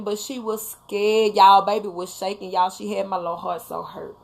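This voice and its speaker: A woman's voice: mid-range voice, fairly even intonation, moderate pace, vocal fry. A mother hosting a casual live talk, speaking emphatically and bluntly to her viewers, now and then swearing. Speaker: livestream host talking to viewers.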